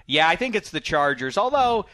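A man hosting a casual football talk show in a studio, boisterous and jokey, often swinging loud. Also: fairly high pitch, big pitch swings, moderate pace, no echo. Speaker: podcast host.

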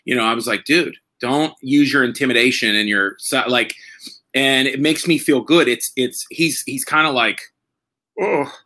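Bright-voiced man, rambling podcast host. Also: mid-range voice. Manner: rambling, halting, full of fillers and restarts. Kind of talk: casual conversation.

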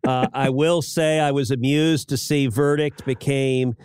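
A man's voice: medium pitch, steady tone, unhurried, a little mellow, clear, resonant tone, dry recording, studio quality. A middle-aged man co-hosting a political podcast, talking casually with frequent stammered restarts and chuckles at his own jokes. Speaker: podcast co-host, senator.

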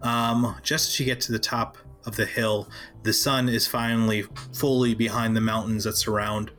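A man's voice: fairly low pitch, little pitch movement, normal speed, fairly bright tone. A man running a tabletop game as game master, narrating in a casual way with many fillers.

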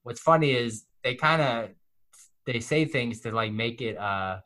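A young man in casual chat, telling a story in an animated way, acting out the people he quotes and swearing freely. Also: medium pitch, measured pace.

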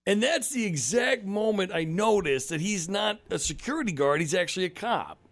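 A man's voice: high-pitched, moderate pace. A man in his thirties, a podcast host, telling a story in casual chat, swearing often and acting out what people said. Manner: profane, animated, acts out quotes.

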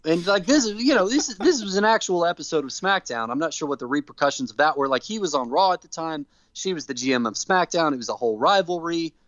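Animated man recapping a show, lo-fi sound. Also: fairly high pitch, quick pace, hardly any pauses, dry recording. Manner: animated storyteller, acts out quotes in put-on voices. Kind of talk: casual recap chat.

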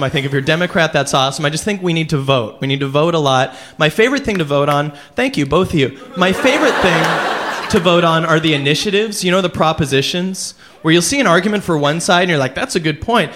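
A man doing a stand-up routine with deadpan, ironic asides. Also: a little high, fast. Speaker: stand-up comedian. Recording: live club with laughing crowd and noise.

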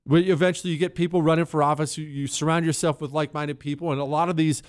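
A man's voice: fairly high pitch, fairly even intonation, quick pace, smooth, dry recording. A man hosting a talk radio show, delivering an emphatic, opinionated monologue with sarcastic asides into a studio microphone.

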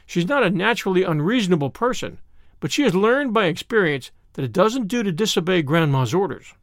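A man's voice: sits high, big pitch swings, a little fast, dry recording, studio quality. A man reading the part of an eager, earnest little boy with polite, old-fashioned speech.

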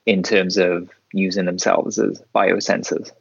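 A man with a very deep, gravelly and husky voice chats casually as a podcast co-host, agreeable and quick to laugh along. The sound is dry and a little dull, lo-fi. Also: little pitch movement, no room sound. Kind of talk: casual watchalong chat.

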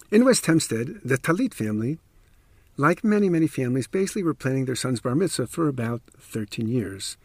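A man's voice: mid-range voice, no room sound. A man narrating a true story on a podcast, emphatic with wry asides, close to the mic.

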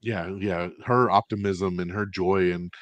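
Male co-host, low register, dry mic, animated and chatty, reviewing films. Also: a little slow, no room sound, lo-fi sound. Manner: animated, acts out quoted lines, swears casually. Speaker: podcast co-host. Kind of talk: casual movie review chat.

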